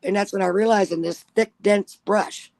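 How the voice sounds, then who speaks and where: A woman's voice: medium pitch, moderate pace, creaky, no room sound. Salty woman guest telling a creepy story, plain dry audio. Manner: blunt, profane, animated storytelling. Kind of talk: casual chat, telling a spooky personal story.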